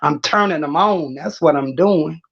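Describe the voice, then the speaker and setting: A woman's voice: sits low, normal speed, husky. Middle-aged woman, livestream host, brash and laughing, muffled lo-fi audio. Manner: brash, trash-talking, laughs often. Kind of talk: casual livestream talk.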